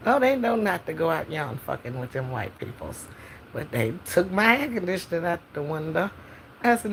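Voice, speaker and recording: A woman's voice: sits low, expressive, normal speed, a little hiss or hum, low-quality recording. Sassy, profane woman storyteller. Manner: profane, sassy, laughs often. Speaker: podcast host telling a story in character. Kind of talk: freestyled comic storytelling.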